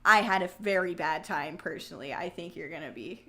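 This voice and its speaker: A woman's voice: lowish voice, fairly quick, pushed and bright. A young woman hosting a casual livestream, chatting, joking and answering viewer comments as she goes. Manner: laughs easily, jokey asides. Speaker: livestream host.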